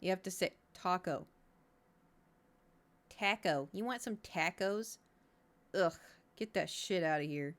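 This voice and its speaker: A woman's voice: fairly low pitch, measured pace. A woman streamer chatting casually with her viewers, rambling and poking fun at herself. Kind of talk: casual live-stream chat.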